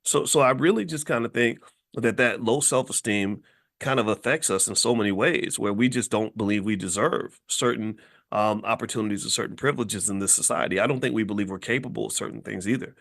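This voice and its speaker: A man's voice: on the low side, fairly quick, gravelly, fairly bright tone. A man from Kentucky hosting a podcast, talking emphatically with frequent restarts and repeated words. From Kentucky, USA. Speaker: podcast host. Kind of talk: passionate social commentary.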